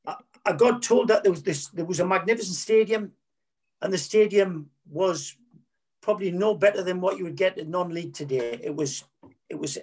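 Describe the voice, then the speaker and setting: A man's voice: high voice, normal speed, a little mellow, slightly rough. A middle-aged man, a former footballer, frankly telling rambling anecdotes in an interview, often correcting himself and repeating words. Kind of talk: candid anecdotal storytelling.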